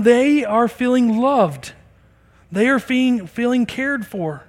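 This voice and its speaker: A man's voice: very high voice, lively intonation, slow, long reverb tail. A middle-aged man preaching a sermon as a pastor, earnest and conversational, acting out bits of dialogue.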